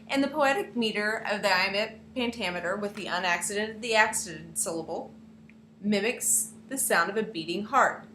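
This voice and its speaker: A woman's voice: mid-range voice, moderate pace, bright, forceful tone. A young woman, teaching a lesson to her students in a playful way and speaking to them directly. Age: young adult. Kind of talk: classroom lesson narration. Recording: echoey room with faint hiss.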